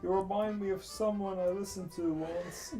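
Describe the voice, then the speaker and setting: A man's voice: sits high, fairly even intonation, moderate pace, warm tone, faint music behind, pitched above the performer's own voice, close to an everyday voice. A man voicing a young male wizard in a put-on British accent. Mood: musing.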